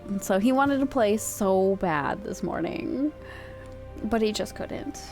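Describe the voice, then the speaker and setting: A woman's voice: mid-range voice, unhurried, darkish tone, faint music behind. A woman streamer chatting casually in a rambling way, laughing easily. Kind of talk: casual chat.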